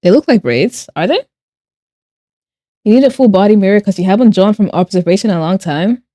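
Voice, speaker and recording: Woman art streamer, chatty and giggly, teasing her chat; dry close sound, middle pitch. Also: lively intonation, a little fast, dark tone, no room sound. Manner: chatty, reads chat aloud and answers with playful sarcasm; giggly, laughs often. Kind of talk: casual live-stream chat while drawing.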